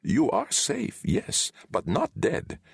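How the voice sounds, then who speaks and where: Ein Mann spricht einen alten, ruhigen Zauberer. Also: male voice, fairly high pitch, wildly swooping pitch, slow pace, gravelly, slightly rough, no room sound, studio quality, voice pushed up, exaggerated voice. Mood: calm, insistent. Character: old male wizard, calm and knowing.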